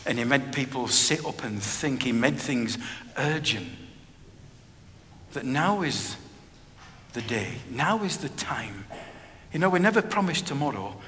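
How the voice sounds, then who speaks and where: Pushed and bright, a middle-aged man's mid-range voice carries his personal testimony sermon through a reverberant hall with faint background noise. He speaks earnestly and plainly, often circling back to repeat phrases.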